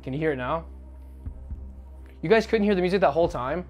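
A man's voice: a little high, lively intonation, brisk. A man streaming casually, rambling and joking as he talks to his chat and swears now and then. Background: faint background music.

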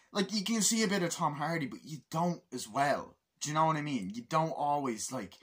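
Excited, swearing young man reviewing a movie. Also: mid-range voice, husky. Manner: excited, swears a lot, acts out scenes in a raised voice. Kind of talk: casual spoken movie review.

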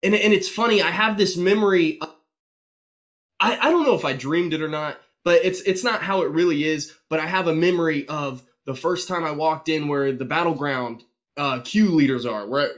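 A man's voice: fairly high pitch, fairly bright tone. Nostalgic man reminiscing as a guest. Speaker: podcast guest. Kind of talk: casual chat.

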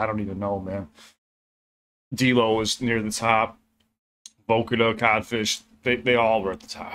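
A young man hosts a reaction video, rambling loosely about what he just watched, cursing and laughing along the way. His voice is medium in pitch with a fairly bright tone.

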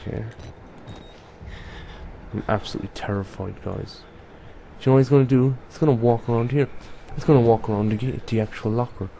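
A man's voice: medium pitch, fairly even intonation, racing, few pauses, dark tone, a little hiss or hum. A young man playing a horror game and commenting to viewers, jumpy and swearing often. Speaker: gaming youtuber. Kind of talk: let's play commentary.

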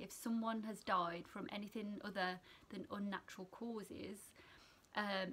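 A young woman student nurse from England, telling a story to camera in a chatty, animated way that keeps going off on tangents. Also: medium pitch. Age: young adult. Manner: chatty, animated, sidetracks and laughs often.

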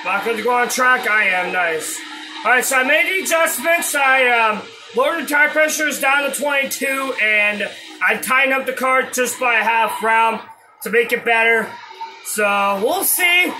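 A man giving casual commentary while playing a racing game, excitable and swearing at setbacks. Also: very high voice, a little slow, soft background music. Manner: excitable, swears when frustrated, shouts at setbacks.

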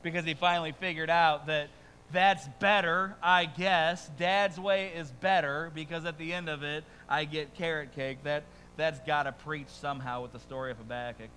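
A middle-aged pastor preaches in a casual, joking way, dropping rhetorical asides to the congregation. His voice sits a little high and comes across bright and forceful. A faint hum sits in the background. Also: fairly even intonation, normal speed, long reverb tail, low-quality recording. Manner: conversational, humorous storytelling with frequent rhetorical asides. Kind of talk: sermon.

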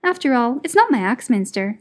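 A woman's voice: on the high side, very animated, brisk. A woman voicing an aloof talking male house cat who speaks with cold, cutting indifference in a read-aloud story. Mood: cool disdain.

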